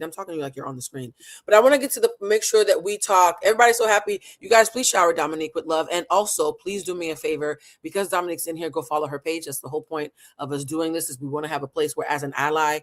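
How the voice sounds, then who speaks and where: Impassioned livestream host, emphatic. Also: mid-range voice. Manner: emphatic, impassioned, calls listeners honey and baby. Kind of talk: live commentary talk show.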